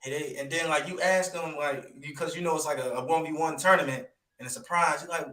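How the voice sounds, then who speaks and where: A man explains Bible verses in an emphatic, animated, slangy way. His voice sits high and bright, with a forceful edge. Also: fairly quick, hardly any pauses. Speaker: Bible teacher. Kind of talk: street preaching commentary.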